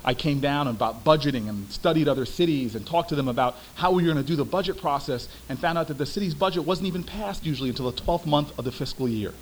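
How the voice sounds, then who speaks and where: A young man, a former city councilman, giving a storytelling speech with emphatic, animated delivery. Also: on the high side, fast, few pauses, a little hiss or hum, low-quality recording.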